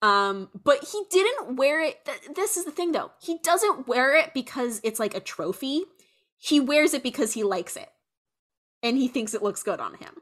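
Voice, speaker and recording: A woman's voice: high-pitched, very animated, normal speed, a bit bright. A young woman co-hosting a podcast, rambling in casual chat with many fillers. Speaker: podcast co-host.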